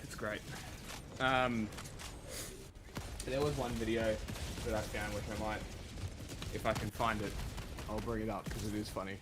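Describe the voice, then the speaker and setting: A man's voice: lowish voice, flat delivery, measured pace, pauses often, noisy background. An Australian man chatting casually on a livestream, laughing often, swearing and rambling. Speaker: livestream host.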